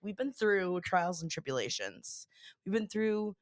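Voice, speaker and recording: A woman's voice: mid-range voice, very animated, unhurried, no room sound, studio quality. A young woman hosting a podcast in casual chat, rambling with many fillers while her voice recovers from being lost. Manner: chatty, rambling, lots of fillers. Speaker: podcast host.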